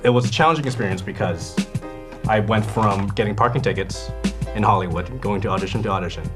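Young actor guest from Canada, low-voiced, animated storyteller who plays out quotes. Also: male voice, fast talker, over music. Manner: lively storyteller who acts out quoted voices and laughs often. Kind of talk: animated anecdote telling.

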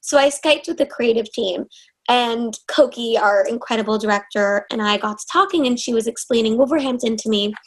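An actress in her twenties from Los Angeles, USA, tells the story of her career as an interview guest in chatty, earnest conversation. Her slightly high voice moves a little fast, and she gushes effusively, often stopping to restart a thought. The recording is rough.

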